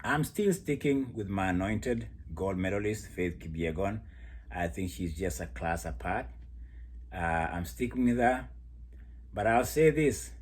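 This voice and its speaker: Husky man laughing through race analysis. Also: lowish voice. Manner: laughs often while talking, animated storytelling. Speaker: athletics commentator. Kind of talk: casual race analysis monologue.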